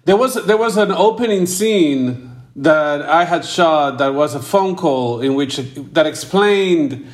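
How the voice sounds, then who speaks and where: A man from Peru, a film director, answering interview questions over a video call in a thoughtful, halting way with many "you know"s. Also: fairly high pitch, animated. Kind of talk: casual interview.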